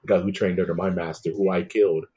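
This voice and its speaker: Man, podcast host, husky voice, lowish pitch, casual jokey chat, laid-back. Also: steady tone, fast, mellow, muffled recording.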